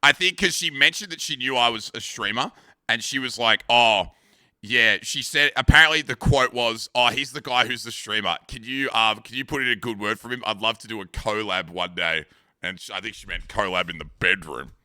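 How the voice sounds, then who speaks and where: A man's voice: medium pitch, moderate pace, bright, forceful tone, dry recording, studio quality. A young Australian man and streamer, rambling and swearing freely in casual, joking chat with friends.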